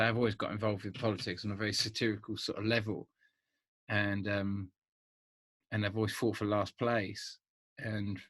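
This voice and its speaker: A man in his fifties, a vlogger talking to camera in a rambling, animated way with many restarts. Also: fairly low pitch, no echo. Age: 50s. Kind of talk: casual monologue to camera.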